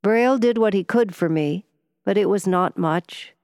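A woman reading a weary, ailing gentleman. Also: normal speed, no echo, studio quality, lightly acted. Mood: subdued. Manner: low, meditative and subdued. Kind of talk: audiobook character voice.

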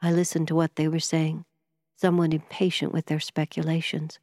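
A woman narrating a storybook in a measured, expressive reading. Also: deep voice, dry recording, studio quality.

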